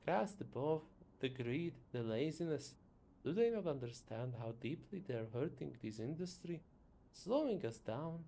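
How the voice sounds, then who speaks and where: A man's voice: on the high side, lively intonation, normal speed, creaky, warm tone, a little hiss or hum. A man voicing a pompous, greedy factory owner who looks down on his workers and speaks with haughty indignation.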